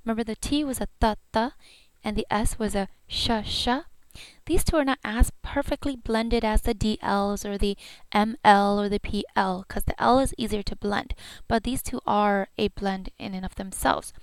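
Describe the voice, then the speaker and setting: Woman teacher, slow and patient pronunciation drills, smooth voice, dry close recording. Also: medium pitch, fairly even intonation, no echo. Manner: patient, repeats each sound several times. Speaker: language teacher.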